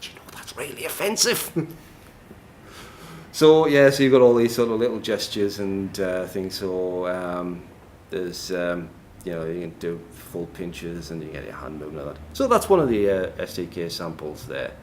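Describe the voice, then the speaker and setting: A man's voice: sits low, animated, a little slow, darkish tone. A man giving a live technical presentation in a noisy, echoey conference room, chatty and self-deprecating, often laughing. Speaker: conference speaker.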